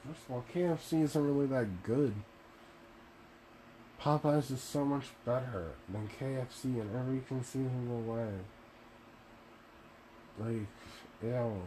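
A man's voice: mid-range voice, measured pace, long pauses, mellow, slight background noise. A young man at home giving casual, profane commentary, ranting with laughs and exasperation. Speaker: video commentator. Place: home room.

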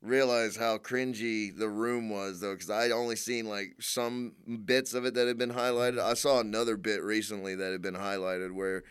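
A man's voice: fairly low pitch, fairly even intonation, normal speed, hardly any pauses, clear, resonant tone. A man co-hosting a podcast, rambling and swearing as he talks. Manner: rambling, profane, trails off and restarts. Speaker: podcast co-host. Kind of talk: casual podcast chat.

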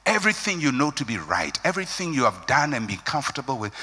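A man's voice: mid-range voice, very animated, fast, bright, forceful tone, husky. A man preaching a sermon with an emphatic, rising and falling cadence. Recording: long hall reverb.

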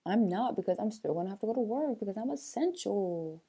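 A woman's voice: mid-range voice, animated, brisk, warm tone, slightly rough. A young woman hosting her own podcast, chatting casually and playfully, sleepy and yawning early in the morning. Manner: chatty, loose, playful asides. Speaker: podcast host. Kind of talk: casual solo podcast chat.

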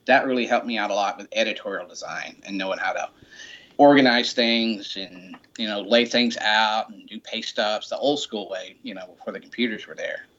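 Male guest, low-pitched, easygoing rambling anecdotes, muffled sound. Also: moderate pace, fairly bright tone. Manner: rambling, many "you know" fillers. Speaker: guest, rock memorabilia shop owner. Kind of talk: casual storytelling.

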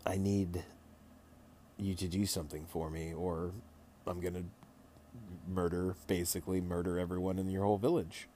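A man voicing a menacing fairy queen in a low, hushed voice as he retells a tabletop game. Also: level tone, moderate pace, pauses often. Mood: threatening. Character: menacing fairy queen, woman, cold and threatening.

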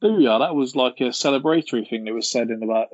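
A man co-hosting a relaxed film chat, recalling favourite quotes. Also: medium pitch, fast talker, dull audio, crowd noise. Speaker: podcast co-host.

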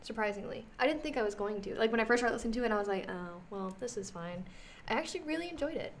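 Racing along with lively intonation, this fairly high-pitched woman is a young podcast co-host spinning a chatty story packed with fillers. Some slight hiss or hum sits under her voice.

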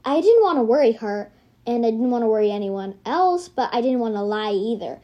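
A woman's voice: a little high, lively intonation, fairly quick, muffled recording. A woman reading her homemade storybook aloud, rambling into self-correcting asides.

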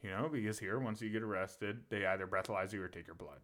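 A man's voice: fairly low pitch, fast talker, a bit bright. A man co-hosting a podcast, telling a story in a casual, profane way and laughing often. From Pennsylvania. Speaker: podcast co-host.

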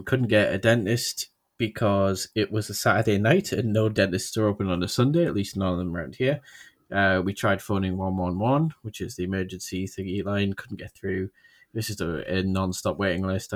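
A man's voice: deep voice, steady tone. A young man with a Birmingham accent, co-hosting a podcast and telling a rambling story in casual chat. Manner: rambling storyteller, slows down for emphasis. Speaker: podcast co-host.

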